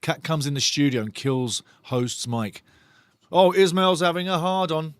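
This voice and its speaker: A man hosting a live football watchalong, calling the match excitedly and reading chat messages aloud. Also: fairly high pitch, a little slow, no echo, studio quality. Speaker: watchalong host. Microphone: studio mic.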